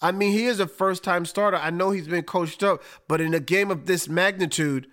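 Animated man breaking down football. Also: high voice, normal speed. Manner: animated, emphatic, folksy with slang. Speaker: podcast host. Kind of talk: casual sports analysis.

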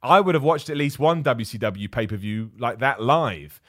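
Recorded dry with clean studio quality, this young man speaks at a mid-range pitch while running a wrestling chat stream. He fields viewer questions in a casual, opinionated, animated way, and things sometimes turn heated.

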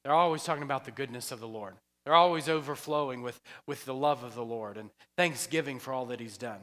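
Guy preaching in church, bright forceful voice, jokes around and laughs a lot, long echo off the hall. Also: mid-range voice, quick pace. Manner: chatty, joking asides, laughs often. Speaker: pastor. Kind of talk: sermon. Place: church sanctuary.

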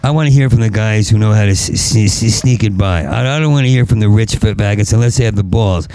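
This comedian's profane, rambling rant comes in a lowish voice at a fast clip, full of stutters and repeated syllables that give way to furious shouting. The recording has no echo.

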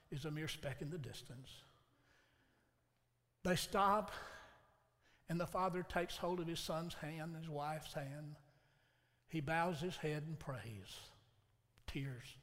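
Folksy preacher in a reverberant hall. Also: male voice, a little high. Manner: folksy, dramatic storytelling with voiced quotes. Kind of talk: sermon with storytelling.

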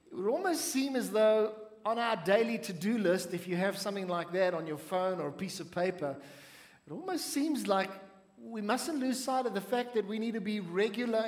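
A man preaching a sermon to a congregation, speaking in measured phrases and asking the audience to respond. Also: high-pitched, reverberant, big-room sound. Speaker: pastor.

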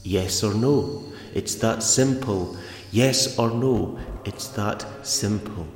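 A man co-hosting a podcast, making crude jokes and quick quips about a film. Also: on the low side, roomy sound, in a large hall. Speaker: podcast co-host. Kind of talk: casual film review chat.

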